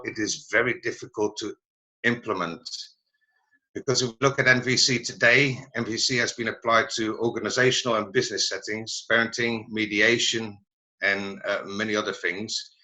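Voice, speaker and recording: A man giving a presentation over a video call, halting and searching for his words as he goes. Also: fairly low pitch, sharp tone, low-quality recording. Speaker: presenter at a learning network meeting. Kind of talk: online meeting presentation.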